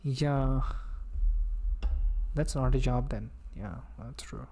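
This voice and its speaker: A man's voice: mid-range voice, slow, long pauses, mellow, a little hiss or hum. A man with an Indian accent chatting casually on a live coding stream, muttering to himself and reading tutorial text aloud.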